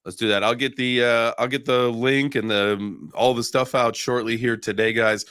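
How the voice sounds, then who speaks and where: A man's voice: medium pitch, fairly even intonation, moderate pace, a bit bright, clean tone, no room sound, clean studio sound. A man hosting a casual crypto livestream, talking loosely with restarts and the odd curse. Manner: loose, swearing, rambling with restarts. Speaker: livestream host.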